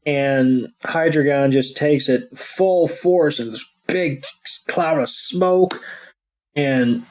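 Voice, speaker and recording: A man hosting a podcast, casually recapping a cartoon episode with crude jokes and quick voices for the characters. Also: fairly high pitch, a little mellow, poor audio. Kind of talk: casual chat.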